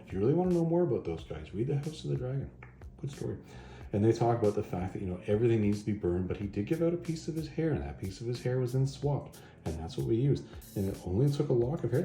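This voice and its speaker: A man hosting a casual comic book review video, retelling the story in a chatty, animated way. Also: medium pitch. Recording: roomy echo, faint music.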